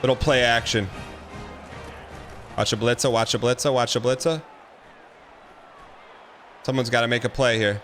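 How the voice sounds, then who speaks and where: A man streaming a football video game, giving excitable running commentary and repeating phrases as he plays. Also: mid-range voice, normal speed, pauses often, soft background music. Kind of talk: live gameplay commentary.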